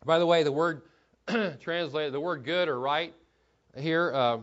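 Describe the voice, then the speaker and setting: Earnest preacher with a lo-fi sound. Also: male voice, on the high side, measured pace. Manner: earnest teaching tone with rhetorical questions and restarts. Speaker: pastor. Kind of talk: sermon. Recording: dull lo-fi recording.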